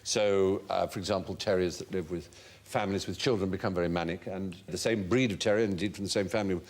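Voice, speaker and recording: A man's voice: sits low, steady tone, fast. A man hosting a comedy quiz show, telling odd facts in an amused, chuckling way. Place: TV studio.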